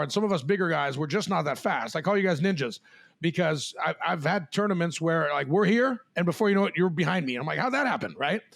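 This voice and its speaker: A man hosting a podcast, animated and laughing as he tells a long story among friends. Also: sits high, creaky. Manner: animated, swears, laughs while telling stories. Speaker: podcast host. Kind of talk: storytelling in casual chat.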